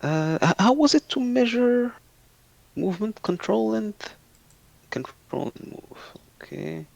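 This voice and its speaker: Man, tabletop player, very gravelly, lively high voice, unsure muttering. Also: a little slow. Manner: unsure, muttering while counting movement. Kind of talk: casual tabletop game play.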